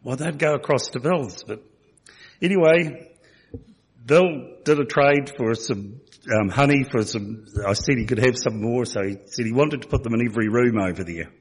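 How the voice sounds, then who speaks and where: A man's voice: mid-range voice, moderate pace, breathy edge. A man telling a folksy story to a church congregation, recorded in a church hall. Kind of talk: anecdote told to a congregation.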